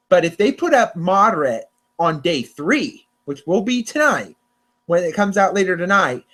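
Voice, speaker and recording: A man's voice: sits high, bright, forceful tone. A young man hosting a casual chat, rambling with lots of restarts and self-corrections. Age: young adult. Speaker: podcast host. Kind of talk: casual chat about storm forecasts.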